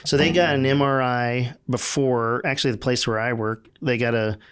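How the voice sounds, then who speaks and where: A man in casual podcast conversation, talking in a relaxed, halting way with many fillers and restarts. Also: medium pitch, clean tone. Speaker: podcast guest.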